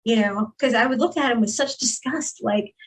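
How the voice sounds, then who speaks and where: A woman's voice: fairly high pitch, moderate pace, poor audio. A woman giving a candid, earnest personal testimony as a guest in an interview, with frequent fillers.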